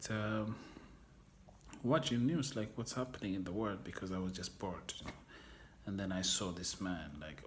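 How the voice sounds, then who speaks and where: A man's voice: on the low side, slight background noise. A man telling his own story in an interview, frank and rambling, searching for words and swearing casually. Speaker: documentary interviewee. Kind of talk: candid personal storytelling.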